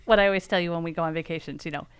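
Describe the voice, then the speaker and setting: A middle-aged woman guest on a casual podcast, answering with wry, deadpan humor. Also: lowish voice, racing, clear, resonant tone, no echo.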